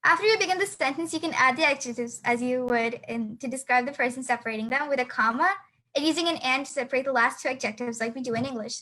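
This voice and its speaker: Teenage girl, high voice, bright tone, hesitant, lots of fillers, video call lesson. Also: poor audio. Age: teens. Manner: hesitant, many fillers and restarts. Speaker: student teacher. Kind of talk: online class lesson.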